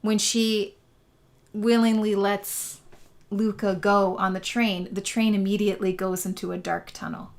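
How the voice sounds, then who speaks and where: A woman's voice: medium pitch, level tone, unhurried. A woman co-hosting a casual live film review, musing and thinking aloud as she goes. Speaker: podcast co-host.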